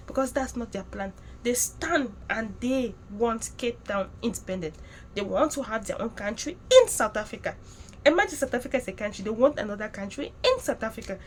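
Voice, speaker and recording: A woman with a Nigerian accent giving heated, indignant reaction commentary, often rising into loud emphatic outbursts. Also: on the high side, slight background noise.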